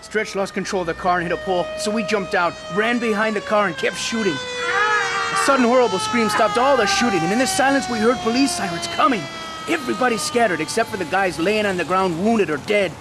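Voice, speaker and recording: A man's voice: sits high, lively intonation, a little fast, loud music behind the voice. An actor playing a blunt, streetwise young ex-gang member who narrates his own story in a radio drama. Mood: reflective.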